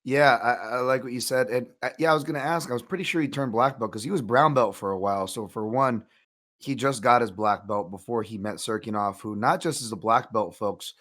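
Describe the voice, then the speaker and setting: A man co-hosts a fight betting show in relaxed, rambling chat. He circles back on his points, restarts sentences and drops asides as he goes. His voice sits at an ordinary middle pitch. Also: brisk. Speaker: co-host, MMA analyst. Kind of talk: casual betting analysis chat.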